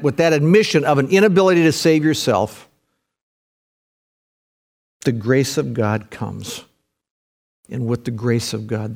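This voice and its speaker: A man preaching a sermon in a folksy way, swinging from loud fervent peaks to hushed, low passages. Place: church service with a live audience.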